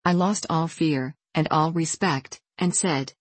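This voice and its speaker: Woman, audiobook narrator, low voice, dry close recording, measured earnest delivery. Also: husky, no room sound. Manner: measured, earnest, deliberate reading. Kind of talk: narrating a classic epistolary novel.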